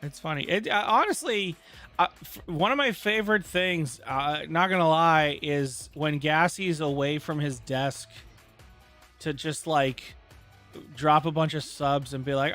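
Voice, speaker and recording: A male live streamer talking into his desk mic, his voice sitting a little high for a man. He rambles along in casual chat, throwing in jokey asides to his viewers, while faint music plays underneath. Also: a little slow, a bit bright.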